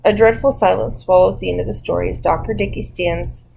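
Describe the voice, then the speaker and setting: A woman reading a mystery novel as an audiobook, measured and dramatic. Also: lowish voice, steady tone, creaky, dark tone, a little hiss or hum, rough recording. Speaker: audiobook narrator. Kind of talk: scripted narration.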